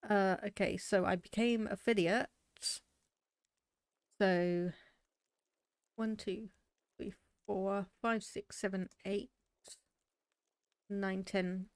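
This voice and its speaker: A woman's voice: medium pitch, steady tone, slow, long pauses, clean tone, no echo, studio quality. A young British woman chatting casually with her live viewers while loading a game, laughing often and thinking aloud. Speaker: game streamer. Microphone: desk microphone.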